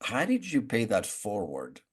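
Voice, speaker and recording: A man's voice: on the low side, wildly swooping pitch, unhurried, slightly rough. A man podcast host asking a guest long, searching questions that circle around before landing. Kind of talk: interview questions.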